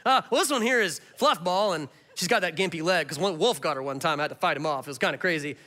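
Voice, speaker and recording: A man's voice: on the high side, fast talker, bright, forceful tone, long reverb tail. A man voicing a fond, rambling shepherd who chats about each of his sheep. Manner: chatty and doting.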